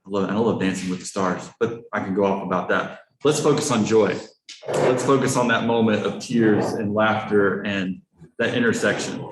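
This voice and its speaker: A man leading a church group session, encouraging people to share at their tables in a loose, chatty way. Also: lowish voice. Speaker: church leader leading a discussion. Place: church hall. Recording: echoey church hall with faint noise.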